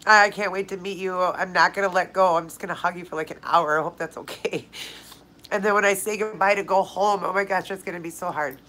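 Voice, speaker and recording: In a casual live stream, a woman crying through a viewer Q&A speaks straight to viewers by name, emotional and heartfelt. Her lowish voice is sharp, a little fast and fairly even in intonation, and the audio is poor.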